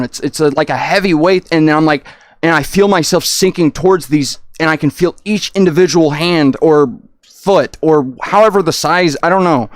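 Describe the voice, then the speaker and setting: A young man streaming, telling a long personal story in a halting, rambling way full of restarts and swearing. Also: fairly high pitch, no echo, clean studio sound.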